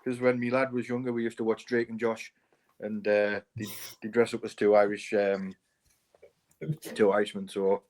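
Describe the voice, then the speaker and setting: A man's voice: on the low side, flat delivery, normal speed, a little mellow. A man from County Durham chatting casually on a podcast in a friendly, easygoing way. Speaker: podcast co-host. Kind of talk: casual chat.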